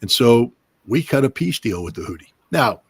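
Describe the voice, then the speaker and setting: Husky middle-aged guy ranting about politics on a stream, dry close mic. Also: mid-range voice, big pitch swings, normal speed, no room sound. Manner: emphatic, mimics officials in quoted asides. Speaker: livestream guest commentator. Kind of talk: animated political commentary.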